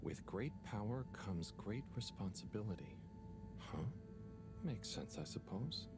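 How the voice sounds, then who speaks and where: An actor playing a shy, tired young man who mutters to himself and talks to his pet fish in soft, half-whispered asides, in a video game. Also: on the low side, expressive, measured pace, loud music behind the voice. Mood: muttering. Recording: game audio with ambience.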